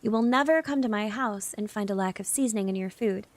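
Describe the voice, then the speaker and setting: A woman's voice: medium pitch, quick pace. A young woman from the South, chatting casually with her live-stream chat as a VTuber and reading out messages as she answers them. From Southern United States.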